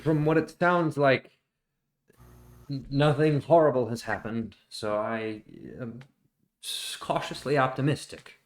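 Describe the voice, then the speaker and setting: A man voicing a flustered male cleric messenger in a tabletop game, hesitant and halting. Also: medium pitch, pitched above the performer's own voice, close to an everyday voice. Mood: cautious. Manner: hesitant, stumbling over words.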